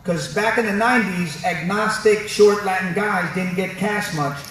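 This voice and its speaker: A man delivering a comedic commencement speech, telling animated stories in a higher voice. His words come from a distance through a heavy, booming echo. Audience noise sits clearly behind him. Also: normal speed. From New York City. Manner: animated storyteller doing funny voices. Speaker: commencement speaker. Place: large ceremony venue. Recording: very echoey venue, distant mic, audience noise.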